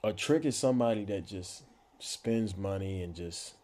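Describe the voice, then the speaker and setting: A man's voice: low-pitched, normal speed, warm tone. A man in his twenties, a podcast guest, chatting casually in a laid-back, slangy, playfully boastful way. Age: 20s. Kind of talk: casual chat.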